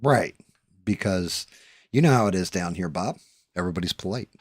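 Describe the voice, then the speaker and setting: A man's voice: deep voice, lively intonation, normal speed, husky, no room sound, clean studio sound. A man, telling a profane story in casual chat as a streamer host.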